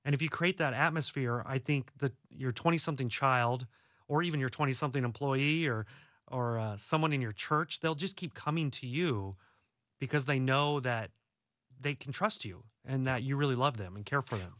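A man's voice: medium pitch, normal speed, a bit bright, no echo. Earnest young guy, author on a faith podcast, dry close sound, restarts words a lot. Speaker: author and guest. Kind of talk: casual faith-based interview talk.

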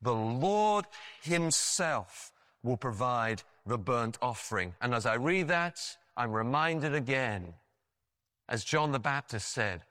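A man preaching a sermon, telling stories in an animated way with frequent restarts and asides. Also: medium pitch, slow pace, dry recording, studio quality. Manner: animated storytelling with frequent restarts and "you know".

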